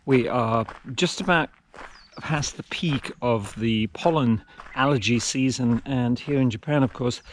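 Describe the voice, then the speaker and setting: Man vlogging a trail run outdoors, chatty and self-teasing, mid pitch, faint noise behind. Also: a little slow. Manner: chatty, self-mocking asides to himself. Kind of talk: casual running vlog narration.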